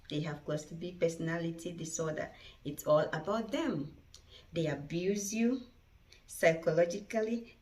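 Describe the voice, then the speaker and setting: A woman's voice: medium pitch, darkish tone, reverberant, recorded from a distance. A woman hosting her channel, talking earnestly and repetitively straight to her viewers. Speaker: channel host reacting to a video. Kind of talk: casual commentary.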